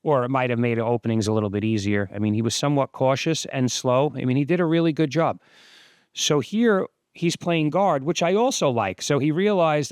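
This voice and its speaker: A man in his fifties, host of his own channel, giving relaxed, explanatory voice-over commentary on sparring footage. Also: medium pitch, a little fast, clean tone, no room sound, studio quality. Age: 50s.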